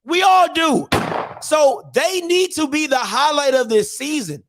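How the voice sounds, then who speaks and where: A man's voice: very high-pitched, a little slow. A man hosting a podcast, giving an emphatic, opinionated rant in casual slang and firing off repeated rhetorical questions. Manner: casual slangy delivery with restarts. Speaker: podcast host.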